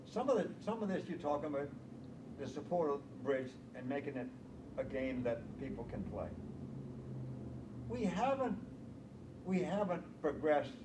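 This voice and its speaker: An older man, a bridge organizer, telling animated anecdotes in casual chat, often chuckling. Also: medium pitch. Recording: echoey room heard from far off with noise.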